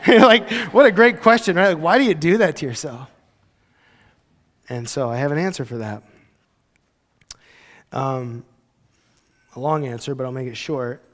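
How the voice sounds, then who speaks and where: A man's voice: medium pitch, expressive, normal speed, long pauses, fairly bright tone, big-room sound. A man preaching a sermon as a pastor, conversational and joking, acting out quoted voices. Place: church sanctuary.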